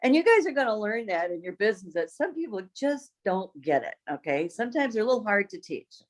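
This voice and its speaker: A woman's voice: mid-range voice, sing-song, fairly quick. A woman casually telling a story about her business. She laughs often and acts out the voices of the people she quotes.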